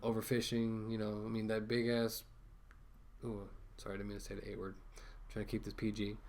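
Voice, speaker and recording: A man's voice: fairly low pitch, completely flat delivery, a little fast, darkish tone, slight background noise. A man ranting casually to camera as a vlogger, rambling with many fillers and restarts, talking through a mask.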